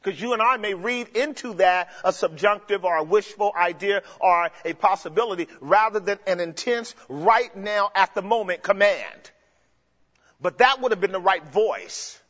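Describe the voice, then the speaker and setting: Captured in a dull, lo-fi recording with lingering hall reverb, this preacher has a high-pitched, expressive, fairly bright voice and speaks at normal speed. He works through the text emphatically in an expository sermon, addressing the congregation directly.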